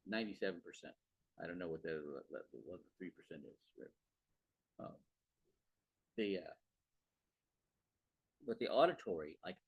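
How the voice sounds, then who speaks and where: This podcast host has a low voice with a breathy edge, captured in a dull, dry lo-fi recording without any room sound. He chats loosely about sales, wanders off on tangents, repeats himself, and keeps saying "okay" and "right".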